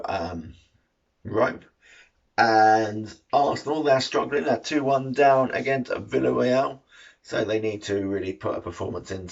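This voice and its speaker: A man's voice: lowish voice, breathy edge. A middle-aged man chatting casually through the news from his shed, cheeky and sweary, with dull lo-fi sound. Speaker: vlogger.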